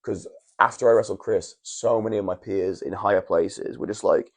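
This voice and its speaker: Low gravelly man telling stories. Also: steady tone, normal speed, few pauses. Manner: rambling storytelling, frequent restarts and swearing. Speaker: wrestler, podcast guest. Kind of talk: casual chat. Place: hotel room.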